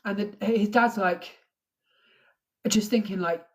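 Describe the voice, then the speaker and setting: A woman's voice: medium pitch, steady tone, takes it slowly. An English woman recounts a true crime case on a live stream, speaking emotionally and close to tears. Her delivery is informal and conversational, and she breaks off now and then to greet and thank her viewers. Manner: emotional, tearful, thanks viewers while telling the story.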